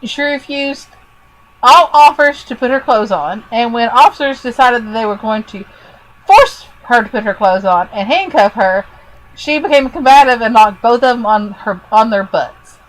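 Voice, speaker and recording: A woman's voice: fairly high pitch, expressive, moderate pace, low-quality recording. A woman from Kentucky co-hosting a podcast, playful and teasing as she reads out strange news stories. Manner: playful, lightly teasing storyteller. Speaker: podcast co-host. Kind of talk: casual chat, reading news stories.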